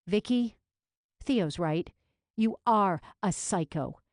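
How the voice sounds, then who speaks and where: A woman's voice: medium pitch, animated, takes it slowly, no room sound, studio quality, voice pushed up. A woman voicing a caring but bossy young coworker in an audiobook, firm and concerned. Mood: scolding.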